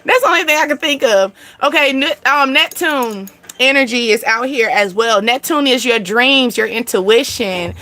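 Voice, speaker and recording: A high-voiced woman, chatting loosely through an astrology reading. Her tone is bright and lively. She laughs a lot, calls her viewers "y'all" and swears offhand. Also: normal speed, hardly any pauses. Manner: chatty, laughs often, sings and acts out snippets. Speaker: spiritual reader.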